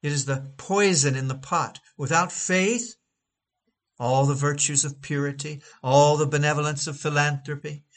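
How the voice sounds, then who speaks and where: A man's voice: a little high, fairly even intonation, normal speed, few pauses. A man reading a sermon aloud in a dramatic, emphatic oratorical manner, drawing out key phrases. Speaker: preacher.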